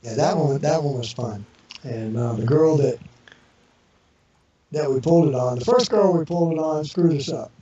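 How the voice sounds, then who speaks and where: Speaking at a moderate pace with long pauses, a man with a fairly high pitch and dark tone tells casual stories as an interview guest. The anecdotes ramble, with plenty of fillers and restarts, and he acts out the voices of the people in them. The recording is echoey, distant and muffled internet radio with crowd noise.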